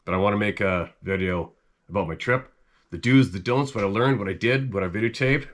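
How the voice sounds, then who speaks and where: A middle-aged Canadian man with a stuffy head cold, chatting casually to camera in a rambling, animated way. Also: on the low side, brisk. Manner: rambling and animated, chuckles often, voice jumps up when quoting himself. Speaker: hunting channel host.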